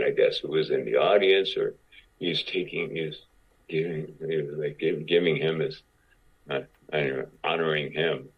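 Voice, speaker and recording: Man, 60s, actor guest, slow deep storyteller who acts out the lines of others, muffled lo-fi audio. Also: breathy edge. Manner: acts out other people's lines while telling stories. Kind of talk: casual anecdote telling.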